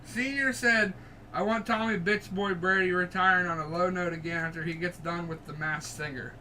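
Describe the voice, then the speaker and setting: Man, Pittsburgh accent, wry offhand co-host, bright sharp voice, faint noise. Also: high-pitched, steady tone, normal speed. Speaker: podcast co-host reading comments. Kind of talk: casual sports chat. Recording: distant mic with faint background noise.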